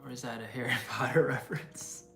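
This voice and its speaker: A man's voice: medium pitch, fairly even intonation, brisk, gravelly, pushed and bright, roomy sound, a little hiss or hum. A man co-hosting a casual livestream Q&A, tossing in dry jokes and laughing along. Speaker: livestream co-host.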